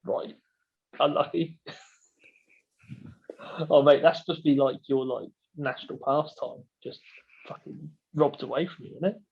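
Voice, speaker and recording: A man's voice: a little high, steady tone, a little slow, creaky, pauses often, slightly rough, dull audio. A man, a podcast guest, bantering in casual chat and swearing freely. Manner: banter with swearing and mocking put-on voices.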